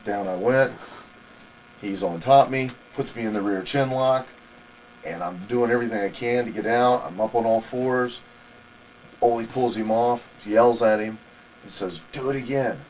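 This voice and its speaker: A man telling wrestling stories as a guest in a shoot interview, animated and laughing as he goes. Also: medium pitch, normal speed, a little hiss or hum, rough recording. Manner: animated, laughing anecdotal storytelling.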